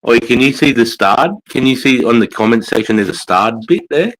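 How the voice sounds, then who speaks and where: A man's voice: medium pitch, animated, fairly quick, fairly bright tone, slight background noise, poor audio. A man with an Australian accent, hosting a livestream and telling stories in casual, profanity-heavy chat. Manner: profane, storytelling, quotes mates' lines. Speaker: livestream host.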